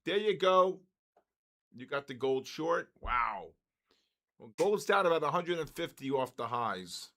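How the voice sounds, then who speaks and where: An older man hosting a live trading stream, giving excitable market commentary, greeting viewers and stumbling over his words. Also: mid-range voice, measured pace.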